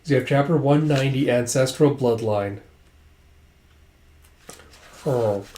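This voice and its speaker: A man's voice: medium pitch, fairly quick, darkish tone, slight background noise. Chatty man reading manga aloud. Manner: chatty, reacting aloud as he reads. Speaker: manga read-along host. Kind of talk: casual manga read-along. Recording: echoey room.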